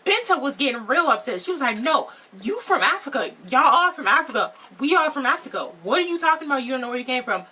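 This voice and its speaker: High bright-voiced woman debating a TV episode. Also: sing-song, fast, few pauses. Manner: questions and pushes back on her co-host's points. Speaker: co-host of a reality show recap channel. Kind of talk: casual chat recapping a TV episode.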